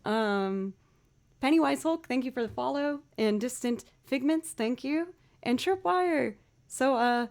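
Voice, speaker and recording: A woman musician chats casually on her livestream in a fairly high voice. She is bubbly and talks at an unhurried, relaxed pace, thanking viewers one by one.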